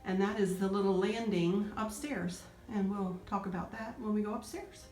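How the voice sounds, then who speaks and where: A middle-aged woman giving a chatty, sentimental home decor tour with soft laughs. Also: medium pitch, moderate pace. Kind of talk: casual home tour narration. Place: indoors in a house. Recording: roomy echo, faint music.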